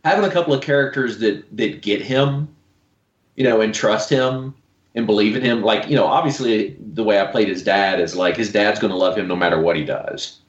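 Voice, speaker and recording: A man's voice: fairly low pitch, fairly quick, highs cut off. Southern guy rambling about his comic, lots of "like", kinda roomy sound. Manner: rambling, self-deprecating, frequent "like". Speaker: comic creator, guest. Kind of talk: casual podcast chat. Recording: roomy echo.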